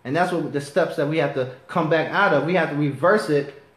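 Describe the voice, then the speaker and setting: A man's voice: a little high, a little fast. A man preaching a sermon to a class, reading scripture and pressing his points with passion that turns to righteous anger. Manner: impassioned, rising to righteous anger. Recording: echoey room.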